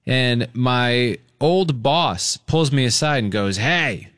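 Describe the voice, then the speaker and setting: A man hosting a radio talk show, laughing easily and telling stories with animated delivery. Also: mid-range voice, slow, clean tone, no room sound, studio quality. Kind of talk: casual morning show banter.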